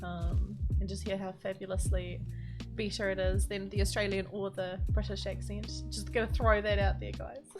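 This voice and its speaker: During a live game stream with music in the background, a woman with a New Zealand accent talks casually, rambling and often giggling. Her voice is mid-range with little pitch movement, delivered at a moderate pace into a standalone studio mic.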